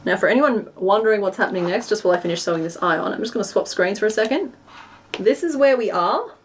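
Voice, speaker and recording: A woman's voice: mid-range voice, lively intonation, fast, slightly rough. A young woman with a West Australian accent, chatting casually with viewers on a live stream while she crochets. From Western Australia. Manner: chatty and self-deprecating, narrating her hands-on work.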